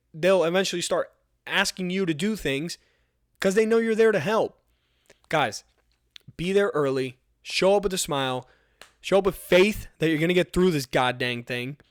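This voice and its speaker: An earnest young man speaks in a fairly high voice, delivering a motivational podcast talk. He hammers home short rallying commands with steady emphasis. The sound is close and dry, with no room around it. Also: measured pace, dry recording. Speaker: fire recruit podcast host.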